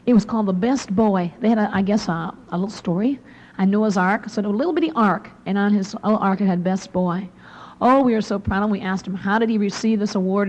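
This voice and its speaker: A young woman delivers a devotional message in a mellow, warm-toned voice at a middle pitch. She speaks earnestly and often drops almost to a whisper for emphasis. The recording sounds dull and lo-fi. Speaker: women's conference speaker. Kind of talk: devotional talk to women.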